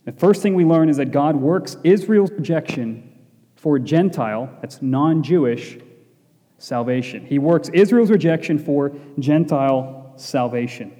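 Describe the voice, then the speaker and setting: In a church hall, a man preaches a Bible sermon to his congregation in an expressive, dark-toned voice that sits on the high side, keeping a measured pace. He's emphatic, repeats key phrases and asks rhetorical questions, all under long, echoey hall reverb.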